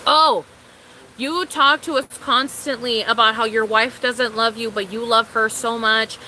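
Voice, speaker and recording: A woman's voice: on the high side, steady tone, a little slow, pushed and bright, a little hiss or hum, poor audio. A young woman vlogger ranting in a casual storytime, exasperated and incredulous, swearing freely and laughing often.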